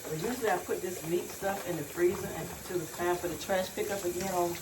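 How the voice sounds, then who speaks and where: A woman in her sixties talks softly and low while she cooks in her own kitchen, in an easygoing, chatty way. She is recorded on a phone, with a faint noise behind her voice. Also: steady tone, brisk. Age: 60s. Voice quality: soft, low-spoken. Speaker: cooking vlogger. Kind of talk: casual chat while cooking. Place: home kitchen.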